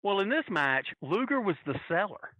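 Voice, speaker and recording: A man on a podcast telling a long, animated, profane story with plenty of restarts. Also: high voice, normal speed, dry recording, poor audio. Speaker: podcast guest telling a wrestling fan story. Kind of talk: casual storytelling.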